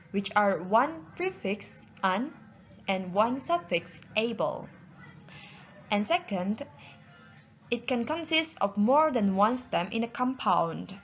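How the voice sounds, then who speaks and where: Young woman, Indonesian accent, careful student presenter, muffled low-fi sound. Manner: careful, spells out word parts. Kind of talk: reading a class presentation.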